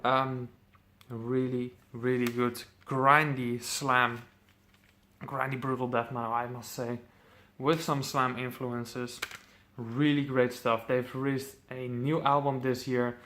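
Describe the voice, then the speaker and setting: A man's voice: medium pitch, little pitch movement, slow, sharp tone, slight background noise. A man casually presenting his metal CD collection, enthusiastic, swearing freely, with lots of ums.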